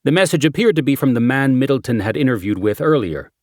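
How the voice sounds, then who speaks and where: A man's voice: expressive, fast, no room sound, studio quality. A man reading a crime thriller audiobook in a scripted narration style, lifting his voice for quoted lines. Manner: lifts pitch and volume for quoted dialogue, drops low for tags.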